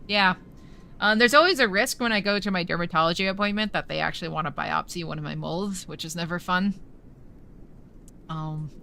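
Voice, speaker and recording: Woman streamer, casual chatter to viewers, crisp bright tone, faint music under her. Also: fairly low pitch. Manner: chatty, swears casually, thinks aloud.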